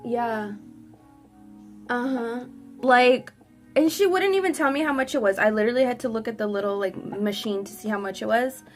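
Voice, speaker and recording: Young woman doing a grwm storytime, sassy and animated, slightly high voice. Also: moderate pace, faint music behind. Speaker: beauty vlogger. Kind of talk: get-ready-with-me storytime.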